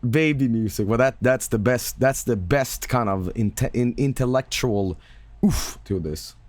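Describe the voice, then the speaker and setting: A man's voice: mid-range voice, measured pace, no echo. A man streaming live and chatting casually with viewers, joking, swearing and sarcastic, with music playing behind him.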